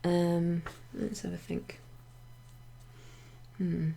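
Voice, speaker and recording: Husky, gravelly woman teaching French grammar. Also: on the low side, level tone, extremely slow, warm tone. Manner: chatty, with many fillers and asides. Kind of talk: casual explanatory lesson. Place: home near a greenhouse.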